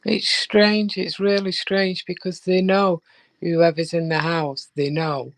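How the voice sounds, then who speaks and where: A woman chatting as a guest on a live stream, telling animated stories and acting out the voices in them. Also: fairly low pitch, takes it slowly, no room sound. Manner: animated storyteller who acts out voices. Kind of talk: casual chat.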